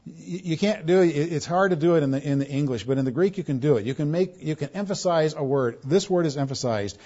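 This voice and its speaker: Male pastor, sermon delivery, swells and drops, stumbles and repeats, higher-pitched, muffled recording. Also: a little fast, slightly rough. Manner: preaching with emphatic swells and soft drops; repeats words when restarting. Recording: dull lo-fi sound.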